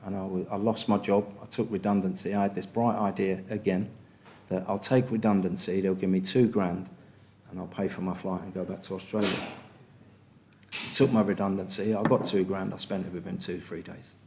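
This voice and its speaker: English man, 50s, deep low voice, candid and blunt recovery-meeting share, faint background noise. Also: darkish tone. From England. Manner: frank and blunt, with frequent "do you know what I mean". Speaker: speaker sharing at a recovery meeting.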